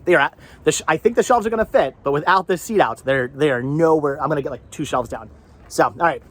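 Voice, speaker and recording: A man's voice: a little high, quick pace, fairly bright tone. A man vlogging outdoors beside his van, rambling and repeating himself as he works, phlegmy with a cough. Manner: rambling, repeats words, self-talk while working. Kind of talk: casual vlog chat. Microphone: camera set down nearby.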